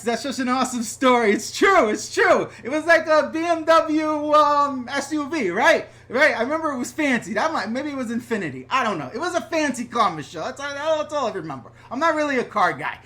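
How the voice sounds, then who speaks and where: Male channel host from the NY/NJ area, bright and forceful tone, excitable and rambling, reads viewer comments on a casual home live stream. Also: very high voice, fairly quick, hardly any pauses. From New York / New Jersey area. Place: upstairs room at home.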